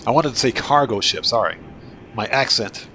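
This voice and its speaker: A man's voice: medium pitch, animated, moderate pace, bright, forceful tone, a little hiss or hum. Chatty Northeastern American man streaming. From Baltimore, Maryland, USA. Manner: chatty, answers viewers' chat with frequent restarts. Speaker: livestream gaming host. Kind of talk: casual livestream chat.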